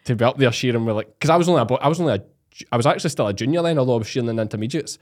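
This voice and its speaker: A man with a Scottish accent, hosting a casual interview and telling animated stories full of fillers. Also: mid-range voice. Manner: fast, animated storytelling with many fillers. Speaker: podcast host.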